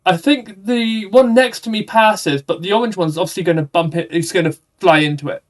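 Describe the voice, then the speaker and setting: A man playing a tabletop game, thinking aloud deliberately with pauses. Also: high-pitched. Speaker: player. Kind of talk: casual tabletop game play.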